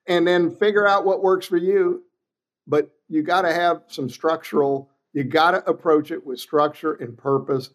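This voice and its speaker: A man's voice: on the high side, normal speed. A man in his sixties, a trial lawyer guest, telling courtroom stories bluntly and acting out quotes. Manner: animated, blunt, salty, acts out courtroom quotes. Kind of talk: casual interview storytelling.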